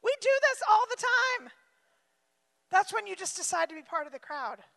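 A woman's voice: very high voice, big pitch swings, moderate pace, vocal fry, sharp tone, in a large hall. A woman pastor preaching a sermon, emphatic and repeating her phrases for effect, often slipping into acted-out quotes and asides.

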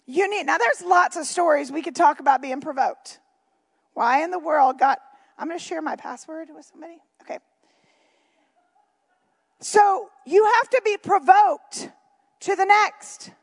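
A woman's voice: very high voice, expressive, moderate pace. A woman preaching a sermon, reading Bible verses and breaking off for chatty, joking asides to the congregation.

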